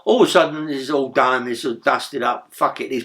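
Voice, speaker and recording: An older man, telling rough stories in a rambling, profane way as an interview guest. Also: medium pitch, fairly quick, a bit bright. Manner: rambling, profane, tag questions like "yeah?". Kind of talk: storytelling in a casual interview.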